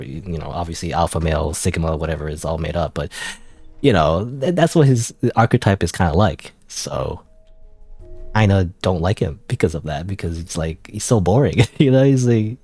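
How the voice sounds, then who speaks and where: A man's voice: low voice, expressive, normal speed, darkish tone, husky, no echo. A man chatting casually on a gaming livestream, rambling and second-guessing himself with lots of fillers. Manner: rambling, self-doubting, frequent fillers and laughs. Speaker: streamer.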